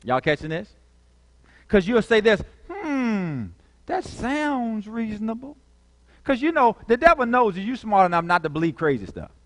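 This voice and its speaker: Animated preacher man in an echoey hall. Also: sits high, brisk. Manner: animated, call-and-response, dramatic shifts in volume. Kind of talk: sermon.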